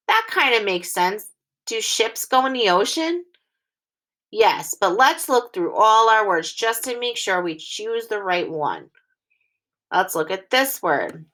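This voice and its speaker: Slow, bright-voiced woman teacher. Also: medium pitch, very animated. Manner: slow, clearly enunciated reading, sentences read aloud in phrases. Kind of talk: recorded phonics lesson for young children.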